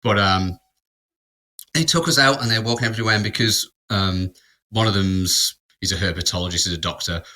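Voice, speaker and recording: A man co-hosting a podcast, spinning a loose, rambling anecdote full of restarts. His voice sits fairly low, with a bright, forceful edge. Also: fairly quick. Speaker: podcast co-host. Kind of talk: casual storytelling.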